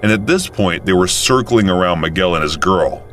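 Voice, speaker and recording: Deep-voiced male story narrator. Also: animated, normal speed, fairly bright tone, soft background music. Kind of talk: first-person storytelling.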